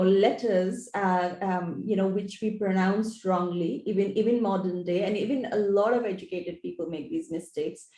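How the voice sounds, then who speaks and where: A woman author being interviewed, explaining things in an earnest, thoughtful way. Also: medium pitch. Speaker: author guest. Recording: echoey room.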